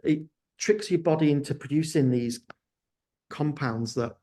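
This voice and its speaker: A man's voice: a little high, measured pace, mellow. Hesitant man with frequent restarts. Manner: hesitant, restarts sentences, candid. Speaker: guest, company founder. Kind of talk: interview answers.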